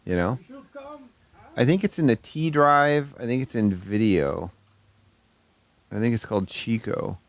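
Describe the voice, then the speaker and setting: A man's voice: mid-range voice, lively intonation, a little slow, long pauses, no room sound. A man with a Michigan accent hosting a live stream, rambling and crudely joking about himself in casual chat. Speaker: streamer host.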